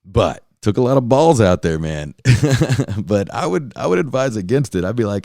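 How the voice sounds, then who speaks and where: A man's voice: lowish voice, very animated, moderate pace, creaky, a little mellow, no room sound, clean studio sound. A man hosting a podcast, ranting casually and profanely, rambling with many fillers and restarts. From California. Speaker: podcast host. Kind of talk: casual rant.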